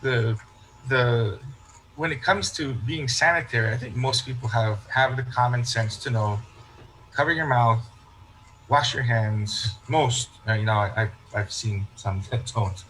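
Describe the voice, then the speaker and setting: Man telling a parish story, medium pitch. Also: measured pace, a bit bright, slight background noise, low-quality recording. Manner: storytelling, acts out quoted remarks, frequent restarts. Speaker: parish priest. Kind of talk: casual interview chat.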